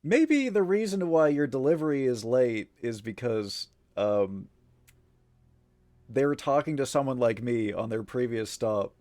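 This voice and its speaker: A man's voice: medium pitch, expressive, a little slow, a little mellow. A man streaming live, chatting casually with viewers in a rambling way, full of fillers, frequent swearing and easy laughs. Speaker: livestreamer.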